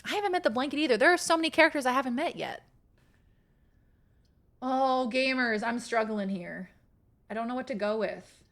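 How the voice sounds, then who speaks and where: Fast and fairly high-pitched, with a fairly bright tone, a young adult woman talks through her game stream. She banters casually with viewers, thinks out loud, laughs frequently and swears on occasion.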